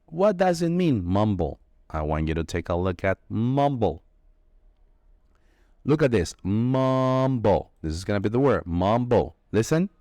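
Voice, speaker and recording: A man teaching English vocabulary, explaining slowly and stressing each key word. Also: lowish voice, very animated, dark tone, dry recording. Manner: slow, emphatic explaining with drawn-out key words. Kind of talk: vocabulary lesson.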